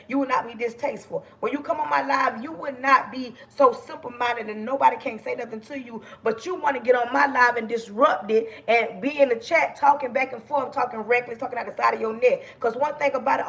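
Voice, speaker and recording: Loud, passionate woman livestream host, gravelly. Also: a little high. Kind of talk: casual livestream talk to viewers.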